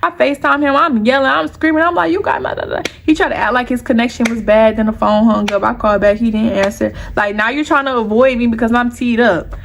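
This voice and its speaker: A young woman vlogger telling a personal story to her viewers in an animated, heated, profane way. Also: a little high, quick pace, creaky, few pauses, a little hiss or hum.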